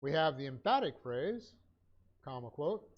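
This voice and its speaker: Male Bible teacher, slightly high voice, halting dictation full of "uh"s, muffled stream audio. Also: very animated. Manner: dictates notes slowly with many fillers. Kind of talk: Bible class lecture.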